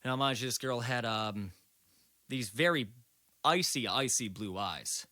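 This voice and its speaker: A man in his late twenties tells a long story as a podcast guest. His voice is bright, and he talks in a loose, rambling way full of swearing. The sound is dry and close. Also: medium pitch, measured pace, no room sound. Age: late 20s. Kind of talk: casual storytelling.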